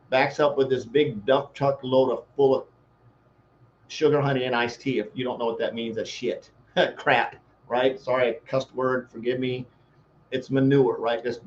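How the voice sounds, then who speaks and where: A male life coach talks in a folksy, rambling way, spinning homespun analogies as he goes. His voice sits at an ordinary middle pitch for a man. The recording is a little dull, with a faint hiss of background noise behind him. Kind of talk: motivational talk.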